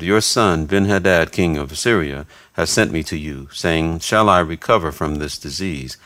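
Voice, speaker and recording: A man giving a steady, measured reading of scripture, voicing narration and quoted speech alike. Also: deep voice, no echo. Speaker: scripture reader.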